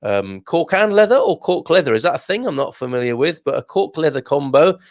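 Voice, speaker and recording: A man's voice: on the high side, lively intonation, fairly quick, no echo. A man hosting a casual live show, reading out viewer comments and chatting back in a jokey way with lots of fillers and restarts. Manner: reads viewer comments aloud.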